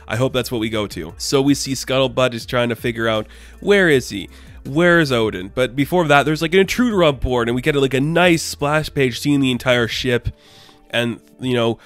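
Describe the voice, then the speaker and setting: A man who reviews comic books, talking casually with lots of enthusiasm and rambling asides. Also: mid-range voice. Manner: enthusiastic, rambling, frequent "like" fillers.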